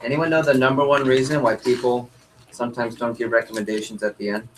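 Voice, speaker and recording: A young man running a sales training workshop, coaching a group and acting out customer dialogue in an energetic way. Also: mid-range voice, quick pace, slight background noise, poor audio. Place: meeting room with group.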